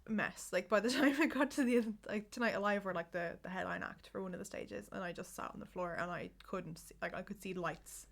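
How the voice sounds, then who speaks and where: A woman co-hosting a podcast in a loose, rambling chat, with many "like"s and "um"s. Her voice has plenty of vocal fry and a gravelly edge, at a middle pitch. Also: a little fast, few pauses, a bit bright. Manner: rambling, full of "like" and "um". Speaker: podcast co-host. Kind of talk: casual chat.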